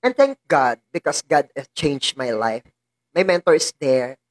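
A Filipino-accented woman vlogging in casual chat, tearful and emotional, talking haltingly and laughing through her tears. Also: deep voice, very animated, no echo.

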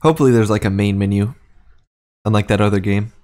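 A man's voice: lowish voice, fast talker, dark tone. A man streaming a horror game, chatting casually and reacting aloud as he plays, swearing now and then. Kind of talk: casual gameplay commentary.

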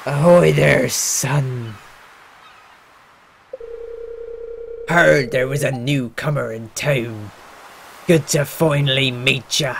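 A man voicing a gruff old male fisherman in a put-on pirate accent, reading game dialogue. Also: medium pitch, slow, a bit bright, a little hiss or hum, voice pushed down. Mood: gruff welcome.

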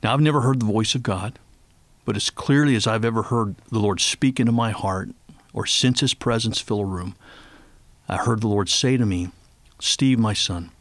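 A middle-aged man speaks in a low, earnest voice as a guest on a faith radio show. He talks tenderly and slows down when he prays aloud. The studio sound is close and dry. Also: no room sound. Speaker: ministry leader and guest.

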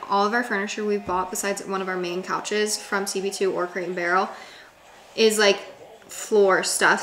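This vlogger, a woman in her twenties, speaks in a medium-pitched voice with a bright, forceful tone. Sore after a workout, she talks openly and swears casually in her home vlog, where the room is echoey and background noise is clearly audible.

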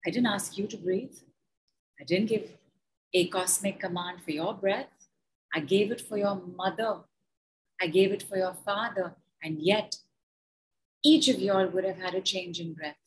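A woman, a healer guiding a breathing exercise and then giving a talk in a slow, deliberate, soothing way. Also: mid-range voice, a little hiss or hum, rough recording. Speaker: healer and guest speaker. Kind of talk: guided healing session and talk.

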